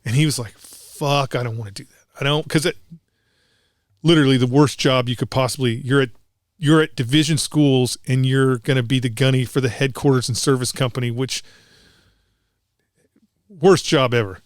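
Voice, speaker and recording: A former Marine co-hosting a podcast tells rambling military anecdotes in a casual storytelling chat, restarting often and acting out quotes. His medium-pitched voice has fairly even intonation and a moderate pace with long pauses, in a dry, studio-quality recording.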